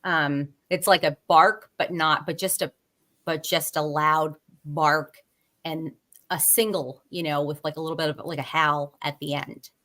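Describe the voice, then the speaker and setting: A woman guest on a podcast, speaking in a fairly low voice. She gropes for words with frequent fillers, repeats herself and restarts sentences. The overall feel is an easygoing, unscripted chat. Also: steady tone, sharp tone. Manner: halting, with many fillers and restarts. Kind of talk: casual conversation.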